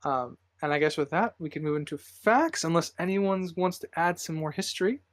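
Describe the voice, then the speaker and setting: A man's voice: a little high, a little fast, dry recording. A man hosting a casual movie podcast, rambling with many fillers and frequent laughs. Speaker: podcast host.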